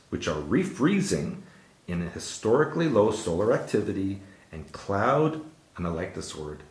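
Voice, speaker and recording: Host: man, lowish voice, lively swings in pitch, chatty and jokey, echoey room. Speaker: show host. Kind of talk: casual news chat.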